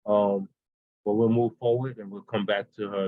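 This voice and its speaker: A man's voice: on the low side, level tone, moderate pace, no room sound. A man hosting an online open mic on a video call, introducing poets in an easygoing, apologetic way. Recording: dull lo-fi call audio.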